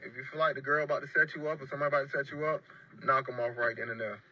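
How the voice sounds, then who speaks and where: A man's voice: mid-range voice, steady tone, racing, pushed and bright, lo-fi sound. A man telling a personal story casually and emphatically, often repeating his phrases. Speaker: storyteller in a played clip.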